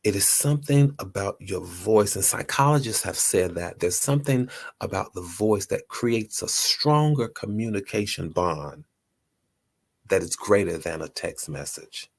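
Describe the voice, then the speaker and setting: A man's voice: lowish voice, measured pace, gravelly. A man hosting a motivational talk, earnest and repeating his phrases for emphasis. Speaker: host.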